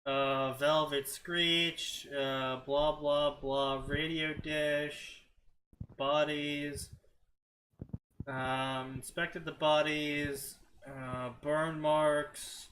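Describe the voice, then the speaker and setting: Bright-voiced man mockingly skimming fanfiction. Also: on the high side, little pitch movement, very slow, a little hiss or hum, low-quality recording. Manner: skims text with mocking "blah, blah". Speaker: co-host reading fanfiction aloud. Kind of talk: casual stream commentary.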